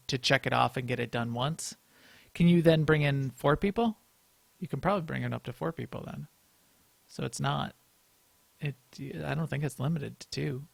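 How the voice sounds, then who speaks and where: Gravelly-voiced man rambling about gaming. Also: medium pitch, fairly bright tone, no room sound. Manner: rambling, restarts often, thinks aloud. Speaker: podcast co-host. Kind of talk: casual gaming podcast chat.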